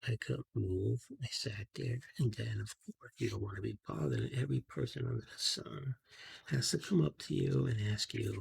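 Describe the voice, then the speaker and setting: Raspy gravelly guy, soft asmr storytelling, half whispered, loose and rambling with lots of fillers, outside at night. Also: medium pitch, normal speed. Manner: casual, with slang and fillers. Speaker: ASMR channel host. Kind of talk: ASMR storytelling while coloring.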